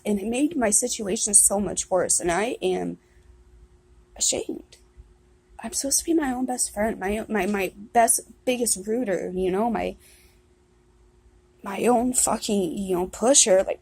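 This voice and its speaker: A young woman talking candidly in a personal confessional vlog, halting and restarting, swearing often. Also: mid-range voice, creaky, darkish tone, husky.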